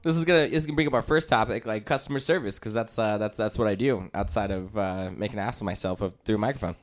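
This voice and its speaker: A young man co-hosting a casual podcast, rambling and swearing, often slipping into loud mocking voices. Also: on the low side, fast. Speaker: podcast co-host.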